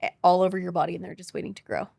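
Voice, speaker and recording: Woman, young adult, podcast guest, emotional storytelling, gravelly, dry close mic. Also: lowish voice, steady tone, dark tone, no echo. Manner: quick, tearful retelling with quoted dialogue.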